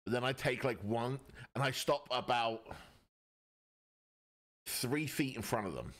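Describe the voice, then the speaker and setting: A man's voice: medium pitch, unhurried, fairly bright tone. A man playing in a tabletop game, describing his character's moves playfully and dramatically. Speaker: player.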